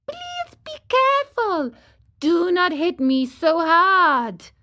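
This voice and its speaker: A woman voicing a tiny childlike voice hidden inside a piece of wood, high and pleading in a storybook reading. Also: wildly swooping pitch, takes it slowly, bright, forceful tone, exaggerated voice. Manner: high squeaky pleading, giggly.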